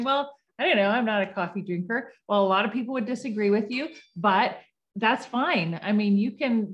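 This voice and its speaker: Chatty woman on muffled video-call audio. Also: medium pitch. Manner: chatty, friendly, with fillers and asides. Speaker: co-host presenter. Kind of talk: casual sales talk on a video call.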